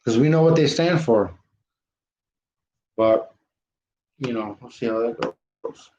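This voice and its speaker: A man's voice: medium pitch, takes it slowly, darkish tone, a little hiss or hum. Emphatic ranting man on a livestream. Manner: emphatic, repetitive insistence. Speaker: livestream host. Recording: roomy, dull lo-fi livestream audio.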